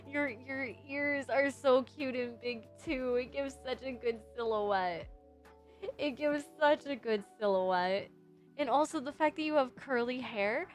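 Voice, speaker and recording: A young adult woman streaming casually as a VTuber, rambling and giggling while reviewing designs. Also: on the high side. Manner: rambling, giggly, self-deprecating. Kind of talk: casual livestream chat.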